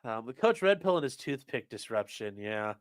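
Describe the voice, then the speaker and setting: A man's voice: mid-range voice, big pitch swings, moderate pace, dry recording, studio quality. A young man, a streamer and trial lawyer, chatting casually on a live stream, rambling, swearing and reading chat aloud.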